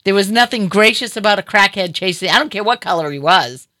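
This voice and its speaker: A middle-aged woman hosting a casual chat, telling an animated story and acting out other people's voices. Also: medium pitch, a little fast, dry recording.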